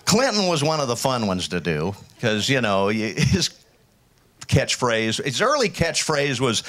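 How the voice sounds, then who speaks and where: A man, a voice actor, giving a comedic speech to an audience, telling stories in an animated way and slipping into character voices. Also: medium pitch, a little slow. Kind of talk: comedic keynote speech with impressions. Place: large hall before an audience. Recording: echoey hall recording from far off, crowd noise.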